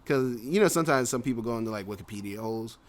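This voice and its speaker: Very fast and with lively intonation, a medium-pitched male co-host rambles through casual podcast chat. He fills his talk with fillers and laughs frequently.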